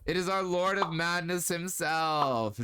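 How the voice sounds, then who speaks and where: Bright, giggly male streamer. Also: a little high, smooth. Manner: playful, giggly, teasing, drawn-out baby talk at times. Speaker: streamer host. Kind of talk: casual live-stream chat.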